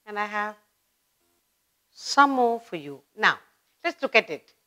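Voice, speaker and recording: Woman teacher, Indian English accent, very slow and lively in pitch, drills word pairs for beginners. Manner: slow and deliberate, repeating word pairs with rising emphasis. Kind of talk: slow classroom grammar lesson.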